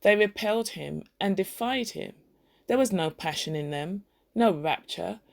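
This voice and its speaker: A woman reading a classic short story aloud at a measured pace, stopping now and then to spell out and define a word. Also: medium pitch, expressive, gravelly. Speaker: story reader.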